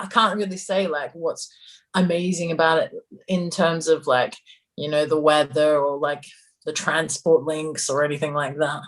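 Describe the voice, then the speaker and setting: Young aussie woman w slight london twang, low pitched, chatty and rambly. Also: low-quality recording. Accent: Australian, with some London influence. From Australia. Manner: rambling, chatty, laughs often. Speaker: guest musician. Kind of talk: casual interview chat.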